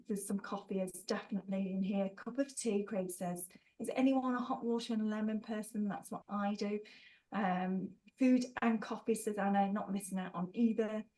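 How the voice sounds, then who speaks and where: A woman's voice: mid-range voice, moderate pace, dark tone, low-quality recording. A woman hosting a live online workshop, bubbly and playful, reading out chat replies with teasing asides and frequent laughter.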